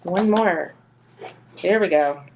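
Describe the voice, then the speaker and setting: A woman's voice: on the low side, slow pace, background noise. A woman with a Southern US accent giving a chatty live-streamed tarot reading, laughing often between cards. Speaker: tarot reader.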